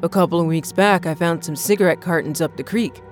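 A woman voicing a gruff, burly, bearded man who lives alone and speaks in a guarded, suspicious way. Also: on the low side, brisk, soft background music, natural voice. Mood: wary. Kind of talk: audiobook narration.

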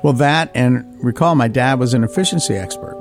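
A man, an orthodontist guest on a podcast interview, telling lively stories and acting out what others said. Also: mid-range voice, brisk, soft background music. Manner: animated anecdotes, acts out quoted voices.

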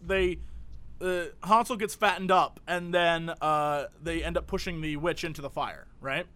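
A man's voice: on the high side, steady tone, unhurried, bright, forceful tone. A man co-hosting a casual comedic show, rambling and joking, often laughing. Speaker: co-host. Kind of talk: casual comedic podcast chat.

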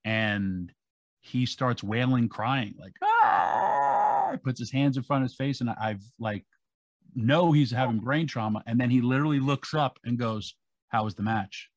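A man's voice: mid-range voice, moderate pace, dry recording. A man, a podcast co-host, retelling a story in casual chat and acting out what people said. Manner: animated, acting out quotes.

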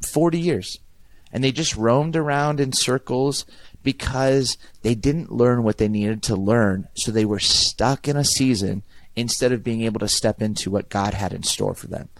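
A man's voice: medium pitch, moderate pace, dry recording. A middle-aged man, a pastor, talking earnestly and reflectively in a podcast conversation, often repeating words as he thinks.

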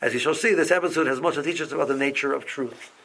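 A man leading an informal Torah class, often restarting phrases and growing lively as he explains. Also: mid-range voice, quick pace, creaky.

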